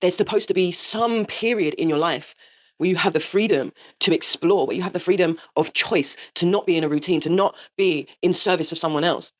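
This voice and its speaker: Brisk and lowish-voiced, this podcast host in her forties gives a raw confession on her own show. The monologue is candid and full of swearing, and she laughs through the hurt.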